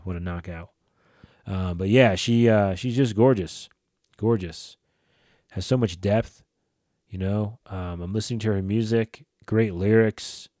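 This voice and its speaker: A man's voice: low voice, dark tone, dry recording, studio quality. A man in his forties hosting a solo podcast, talking casually and rambling, with plenty of swearing, fillers and restarts. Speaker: podcast host.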